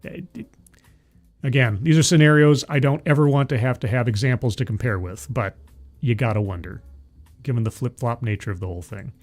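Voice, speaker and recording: A man's voice: mid-range voice, a little fast, soft background music. A man hosting a political commentary livestream, sardonic and rambling, full of fillers and restarts, who reads viewer chat aloud. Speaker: livestream host.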